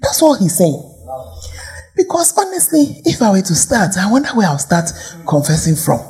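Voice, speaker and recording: A woman's voice: mid-range voice, sing-song, normal speed, a little mellow. A woman pastor with a Ghanaian accent preaching a sermon, firing rhetorical questions and sometimes dropping to a whisper.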